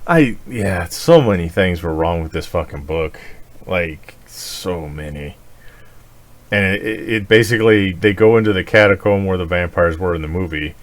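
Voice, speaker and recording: A man's voice: low voice, normal speed. A man co-hosting a podcast in casual chat, ranting with lots of swearing and laughter. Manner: profane, animated, laughing rants. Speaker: podcast co-host.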